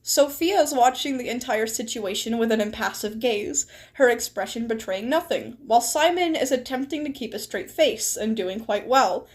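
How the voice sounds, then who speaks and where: A woman's voice: on the high side, normal speed, hardly any pauses. A young woman streamer telling a story casually and animatedly while gaming, giggling often. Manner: animated, giggly, retells chats with quoted lines.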